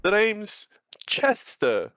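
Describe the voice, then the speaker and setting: A man's voice: high voice, very animated, slow pace, a bit bright, dry recording, voice pushed up, full character voice. A man voicing a formal, dapper male scarecrow who sells fruit, in a tabletop game. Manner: formal, tries an accent then drops it.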